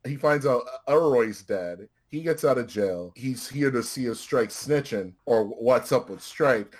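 A man in casual chat, animatedly retelling a film with plenty of profanity. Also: medium pitch. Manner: animated, profane storytelling with frequent restarts.

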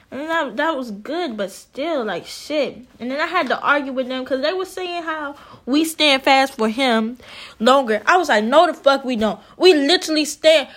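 A woman's voice: sits high, fairly bright tone. A young woman in army training, venting about her day to the camera in a casual, profane, exasperated rant, addressing her audience as "podcast".

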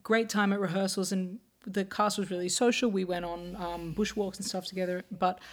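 A woman's voice: medium pitch, flat delivery, normal speed. A young woman, a soprano, hosting a casual podcast interview, giving encouraging affirmations and sharing her own experience.

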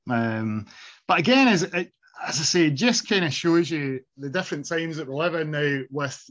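A man's voice: fairly high pitch, lively intonation, normal speed, fairly bright tone, lo-fi sound. A middle-aged man hosting a casual nostalgic podcast chat, reminiscing and laughing often. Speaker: podcast host.

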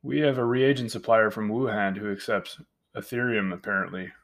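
A man's voice: fairly low pitch, steady tone, moderate pace, a bit bright. A man doing a tired, hesitant young researcher. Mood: casual.

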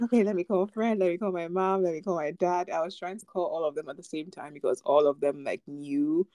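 A woman's voice: deep voice, fairly even intonation, brisk, hardly any pauses, darkish tone, no room sound. A young woman co-hosting a podcast, chatting casually and telling a personal story with lots of fillers and light laughter. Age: young adult. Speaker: podcast co-host. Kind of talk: casual chat.

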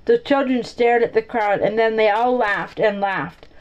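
A woman reading a children's chapter book aloud to a child, lively, with small slips and restarts. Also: unhurried, muffled recording. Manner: lively, pitches up for children's lines.

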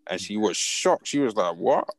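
A man's voice: sits low, brisk, no echo, studio quality. A young father chatting casually on a podcast, telling stories steadily and laughing easily. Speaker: podcast co-host. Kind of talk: casual chat.

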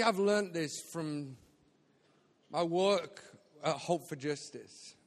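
Speaking as a guest at a church, this man preaches a sermon built around stories, with a high, bright-pitched voice full of lively energy. He's jokey and animated, performing his own quotes, and the live church-auditorium recording leaves a long reverb on everything he says.

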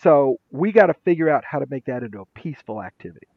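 Middle-aged male educator, guest, emphatic and slangy, very lively intonation, dry close sound. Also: medium pitch, fast, gravelly, no room sound, phone-quality sound. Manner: emphatic, punchy delivery with casual slang. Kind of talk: animated storytelling in conversation.

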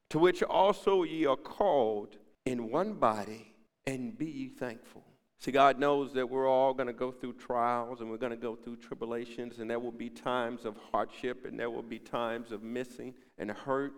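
A man pastor preaching a sermon, building to loud emphatic peaks and dropping to hushed, almost whispered moments, quoting scripture in old-fashioned wording. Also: medium pitch, fairly even intonation, moderate pace, in a large hall. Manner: preaching with swelling emphasis and soft hushed drops; quotes scripture in King James wording.

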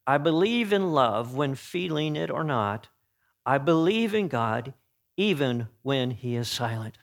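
A man preaching an earnest sermon. He swings between emphatic peaks and hushed, solemn passages, and often corrects himself mid-phrase. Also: medium pitch. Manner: frequent self-corrections and restarts.

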